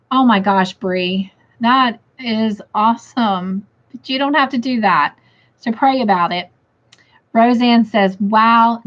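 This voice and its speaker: Woman livestream host, tired and in pain, reads out comments; dull lo-fi sound. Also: medium pitch. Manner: chatty, reads viewer comments aloud. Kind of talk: casual livestream chat. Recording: dull lo-fi stream audio.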